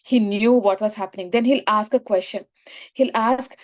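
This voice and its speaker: A woman's voice: mid-range voice, normal speed. Woman teacher telling a story. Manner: explanatory, frequent "right?" checks. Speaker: spiritual teacher. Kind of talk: storytelling lesson.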